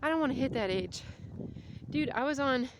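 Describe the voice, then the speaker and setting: Out walking on a street, a woman in her thirties chats expressively in a rambling vlog full of tangents, slightly winded. Her voice is high and moderately paced, and background noise is audible.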